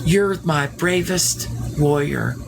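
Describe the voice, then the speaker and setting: A woman voicing a proud adult woman chief who welcomes travelers, spoken in a slow, formal storytelling way. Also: low voice, creaky, over music, exaggerated voice.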